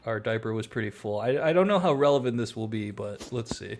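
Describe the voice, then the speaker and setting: A man co-hosting a comedy podcast, steering topics in a relaxed, deadpan way. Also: on the low side, a little fast. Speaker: podcast co-host. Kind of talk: casual comedy chat.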